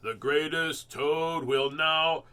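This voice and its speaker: Strange announcer voice, done by a man, slow, booming, drawn-out, showman proclaiming, storybook dream. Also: fairly even intonation, bright, forceful tone, clear, resonant tone. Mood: grand.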